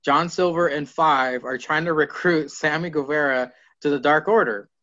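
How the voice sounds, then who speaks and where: A man co-hosting a casual wrestling podcast, retelling scenes in an animated way and swearing freely. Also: fairly high pitch, moderate pace. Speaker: podcast co-host. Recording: lo-fi podcast audio.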